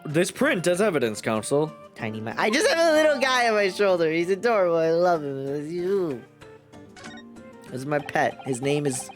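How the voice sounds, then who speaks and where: A man streaming a game, chatting loosely, swearing and mocking himself. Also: medium pitch. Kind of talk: casual gameplay chat.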